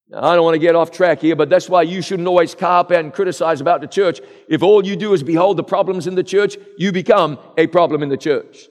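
A man's voice: fairly high pitch, fairly quick, hardly any pauses. A middle-aged man preaching a sermon in an earnest, rhetorical style, addressing the congregation directly. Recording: long echo of a large hall.

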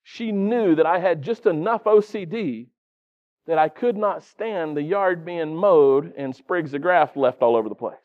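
A middle-aged male preacher with a notably high voice, talking a sermon through in an easy, conversational way. He keeps turning to the congregation with quick questions. The recording is dull and lo-fi.

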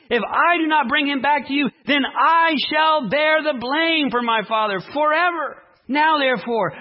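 Emphatic preacher with a husky voice. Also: male voice, extremely high pitch, dull audio. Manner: dramatic, emphatic reading with long pauses. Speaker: pastor. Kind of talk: sermon with scripture reading.

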